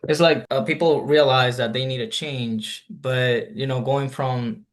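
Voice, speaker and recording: A man in the middle of the pitch range answers on a group call in a flat, monotone way. He stumbles through his thought, repeating words as he goes. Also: unhurried. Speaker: call participant.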